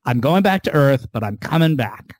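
A man's voice: mid-range voice, lively intonation, moderate pace, darkish tone, no room sound, close to an everyday voice. A man quoting an earnest starship captain. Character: calm older male starship captain.

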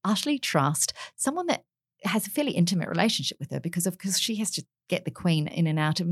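A woman's voice: fairly low pitch, lively intonation, quick pace, husky, no room sound, clean studio sound. An enthusiastic, chatty woman tells royal anecdotes as a commentator on a radio chat segment. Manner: enthusiastic, chatty storyteller with frequent laughs.

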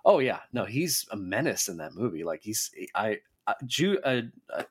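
Animated man, a podcast guest. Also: on the low side, breathy edge. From North America. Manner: animated, earnest, halting with restarts. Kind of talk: casual chat.

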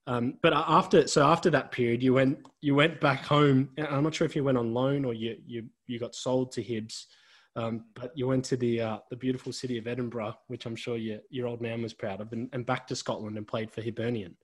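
A man's voice: mid-range voice, fairly even intonation, brisk, slightly rough. A young man from Australia hosting a podcast, asking a guest questions in casual, hesitant chat. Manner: hesitant, many fillers and restarts while asking questions. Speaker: podcast host.

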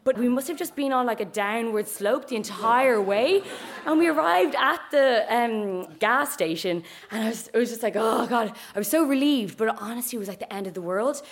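A woman's voice: fairly high pitch, lively intonation, moderate pace. A young woman with an Irish accent telling a story, chatty and full of asides. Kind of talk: live storytelling.

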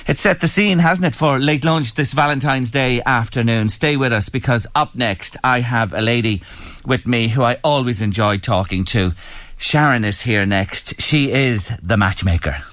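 A man's voice: mid-range voice, normal speed, fairly bright tone, no room sound. A man hosting a casual radio show in a studio, chatty and sentimental, telling stories to listeners.

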